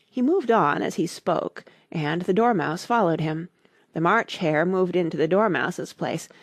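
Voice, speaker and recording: A woman narrating a classic children's story in a measured, expressive reading. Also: on the low side, vocal fry, dry recording, clean studio sound. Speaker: audiobook reader.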